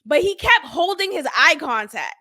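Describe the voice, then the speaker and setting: A woman with a high, bright voice recaps a reality show on her podcast. She talks in a casual, blunt and animated way, full of slang, and laughs at the cast a lot. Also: moderate pace.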